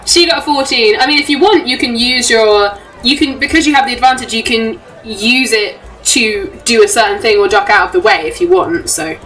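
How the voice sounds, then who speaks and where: A woman narrating as game master, giggling often and filling pauses with ums. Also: a bit bright, far from the mic, faint music behind, low-quality recording. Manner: giggly, lots of ums, puts on shrill crowd voices.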